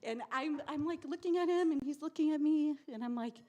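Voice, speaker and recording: A woman's voice: high-pitched, brisk, darkish tone. A woman telling a story at an open mic in a cafe, ranting in an exasperated way and swearing often. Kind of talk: spoken word storytelling. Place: live cafe event.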